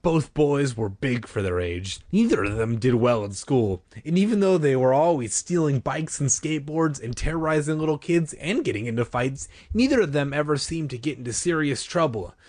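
An expressive male narrator reading a story aloud, his pitch moving a lot to carry the scenes. The recording is dry and close, with no room sound. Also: normal speed, hardly any pauses, dry recording. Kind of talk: audiobook reading.

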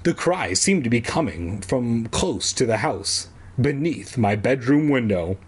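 A man's voice: mid-range voice, lively intonation, measured pace, slightly rough. A man from San Diego casually reading a kids' book aloud, with jokey asides and offhand swearing. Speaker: reader.

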